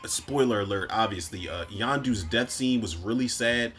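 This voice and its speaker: A man's voice: lowish voice, normal speed, a bit bright, a little hiss or hum. A man with a Philadelphia accent giving a casual, rambling movie review, full of slang and swearing, quoting lines from the films as he goes.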